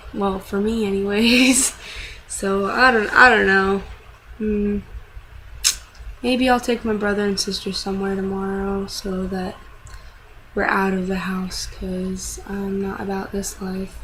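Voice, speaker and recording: A woman's voice: mid-range voice, level tone, slow pace, fairly bright tone, slight background noise, low-quality recording. A young woman vlogging casually, rambling and venting with frequent swearing and self-deprecating asides.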